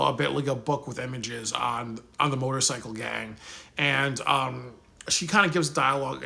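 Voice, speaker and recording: A man giving a casual spoken movie review, rambling with many pauses and restarts. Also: mid-range voice, gravelly, bright, forceful tone.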